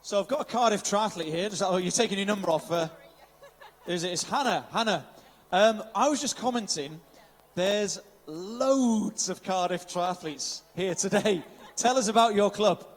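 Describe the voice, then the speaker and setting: At a moderate pace, a high-pitched man's voice with a long reverb tail carries over the outdoor finish area of a triathlon. He gives upbeat live commentary, interviewing people, listing finishers, and sprinkling in Welsh.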